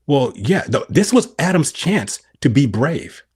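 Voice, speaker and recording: A man's voice: mid-range voice, sing-song, unhurried, darkish tone, breathy edge. A middle-aged man on a podcast explaining scripture, asking and answering his own questions. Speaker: podcast guest.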